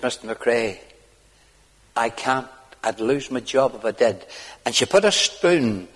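Northern Irish preacher, hushed to shouted. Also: male voice, husky. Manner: swings from hushed low tones to high shouted pleading. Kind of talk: hellfire sermon. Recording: long hall reverb.

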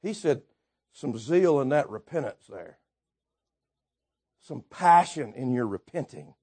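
A man preaching a sermon, telling stories with folksy asides and swinging from quiet remarks to shouts. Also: medium pitch, expressive, slow, slightly rough.

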